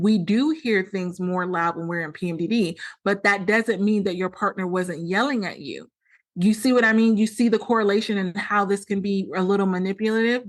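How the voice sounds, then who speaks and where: A woman hosting a solo podcast, explaining earnestly and often acting out quoted dialogue. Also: medium pitch. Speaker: podcast host.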